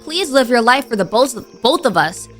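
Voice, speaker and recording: A woman voicing a gentle, polite AI program in a video game, reading its lines aloud over soft game music. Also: a little high, very animated, normal speed. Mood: earnest. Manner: polite, analytical.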